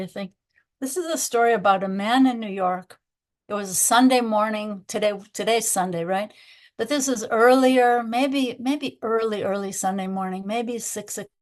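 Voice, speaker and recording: A woman giving an informal spiritual talk at a temple, telling stories in a gentle, reflective way. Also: medium pitch. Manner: gentle, reflective storytelling with soft laughs. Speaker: spiritual teacher.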